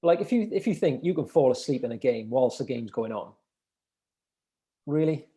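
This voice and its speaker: A man's voice: mid-range voice, expressive, moderate pace, dark tone, breathy edge. A man co-hosting a casual podcast chat, laid-back and matey. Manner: laid-back, says mate a lot. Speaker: podcast co-host.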